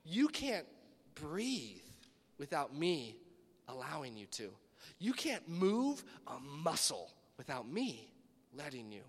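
A man voicing God as a stern, patient divine presence, speaking slowly and gravely in a hushed tone. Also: fairly high pitch, wildly swooping pitch, big-room sound, pitched below the performer's own voice, exaggerated voice. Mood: solemn, hushed.

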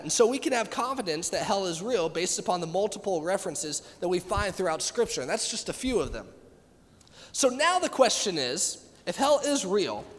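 A youth pastor preaching a sermon in an animated way, acting out the voices of people he quotes. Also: high-pitched, in a large hall.

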